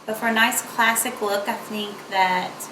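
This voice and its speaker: A woman's voice: medium pitch, steady tone, a little slow, background noise. A young woman, chatting playfully through a makeup tutorial. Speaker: beauty vlogger. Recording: echoey room.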